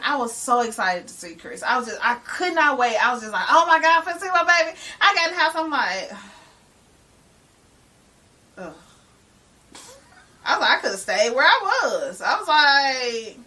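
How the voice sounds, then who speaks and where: A woman's voice: a little high, lively intonation, moderate pace, pauses often, pushed and bright, far from the mic. A middle-aged woman, telling an exasperated story on a casual podcast, full of laughing asides. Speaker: podcast co-host.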